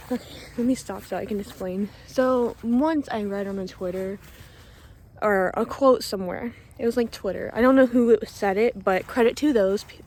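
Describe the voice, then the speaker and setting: A young woman chatting casually and a little emotionally in a vlog, walking outdoors by a pond, a bit out of breath from the cold. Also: mid-range voice. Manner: soft-spoken, emotional, laughs often. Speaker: vlogger.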